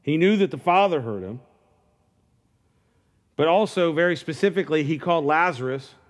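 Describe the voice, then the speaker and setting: A man's voice: on the high side, lively intonation, moderate pace. Man preaching a conversational sermon. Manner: conversational preaching with many restarts, rising to fervent calls. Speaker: pastor.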